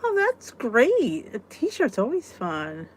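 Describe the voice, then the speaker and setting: A chatty woman hosts a live support stream, her voice bouncing up and down as she reads comments and vents. She sits a little high in pitch and talks casually with quick exclamations. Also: huge pitch swings, slightly rough. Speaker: host of a live weight-loss support chat.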